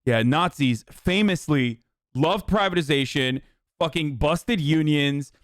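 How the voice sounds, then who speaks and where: A man's voice: a little high, slow pace, no room sound, studio quality. Sarcastic, profane young man. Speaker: streamer reacting to a radio clip. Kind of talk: casual livestream commentary.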